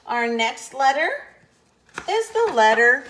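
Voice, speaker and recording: A woman with a fairly high voice leads a phonics lesson at a very slow, deliberate pace. She over-enunciates each letter sound patiently and pauses often for the listener to repeat. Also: big pitch swings, fairly bright tone, slight background noise. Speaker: phonics teacher.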